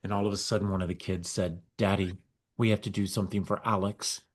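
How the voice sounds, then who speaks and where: A middle-aged man, a guest on an interview podcast, telling his story with lively acted-out dialogue. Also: sits low, fast talker. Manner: animated storyteller acting out quoted dialogue. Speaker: guest, nonprofit founder.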